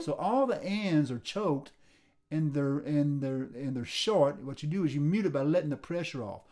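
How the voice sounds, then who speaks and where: A man teaching a song on ukulele in a relaxed, repetitive way, counting beats aloud and explaining the rhythm. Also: fairly high pitch, over loud music. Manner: sings lyrics slowly while playing. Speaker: music teacher. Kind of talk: instrument lesson. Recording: ukulele playing under the voice.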